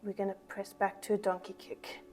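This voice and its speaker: Her voice is medium-pitched, monotone, brisk and slightly mellow. This pilates instructor works out alongside her class, slightly winded, counting repetitions and calling out breaths.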